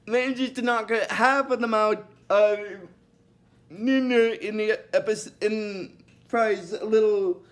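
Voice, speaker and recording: A man's voice: high voice, fairly even intonation, slow pace. A man recapping a cartoon episode in a casual, rambling way, with many restarts and fillers and bursts of giggling.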